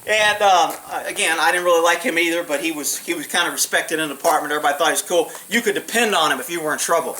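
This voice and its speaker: A man's voice: a little high, quick pace, few pauses, slight background noise, rough recording. A former police officer telling his own stories in a casual monologue. He is blunt and profane, and he acts out the voices of the people in his stories. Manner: blunt, profane, animated retelling with acted quotes.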